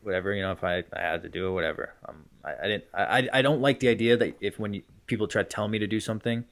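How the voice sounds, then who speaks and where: A man's voice: lowish voice, fairly even intonation, racing, fairly bright tone. A young man co-hosting a casual podcast, telling a rambling story full of fillers. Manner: rambling storyteller, many fillers like "whatever" and "blah, blah". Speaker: podcast co-host, hockey player.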